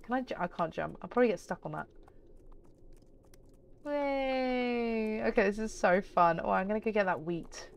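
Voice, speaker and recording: A woman giving chatty, excitable let's-play commentary as a gaming YouTuber, often giggling. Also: medium pitch, fast talker, creaky, few pauses.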